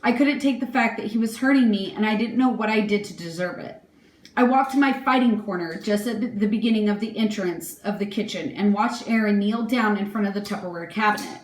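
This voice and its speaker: A young woman reading her prepared impact statement aloud in a measured, earnest way. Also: medium pitch, roomy sound, slight background noise. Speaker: victim giving an impact statement.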